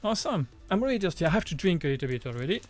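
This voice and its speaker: A man in his thirties with a French accent, hosting a livestream and chatting casually with viewers, friendly and upbeat, halting with many restarts and repeated words. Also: fairly high pitch, very animated, soft background music. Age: 30s. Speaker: livestream host.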